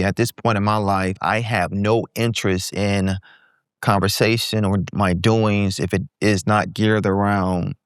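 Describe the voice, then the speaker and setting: Smooth-voiced man in his forties, storytelling. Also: lowish voice, dry recording, clean studio sound. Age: 40s. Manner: animated, acts out quoted voices. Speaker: guest entrepreneur. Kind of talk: candid podcast storytelling.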